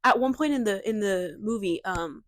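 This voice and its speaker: A young woman co-hosting a podcast in casual chat, talking in an animated, emphatic way with lots of fillers on a cheap desk mic. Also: mid-range voice, normal speed, no echo. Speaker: podcast co-host.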